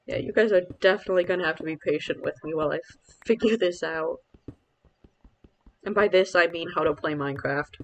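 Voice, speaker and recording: A man's voice: a little high, fairly quick, fairly bright tone, a little hiss or hum, low-quality recording. A man streaming a game live, chatting casually and rambling with self-mocking asides to his viewers.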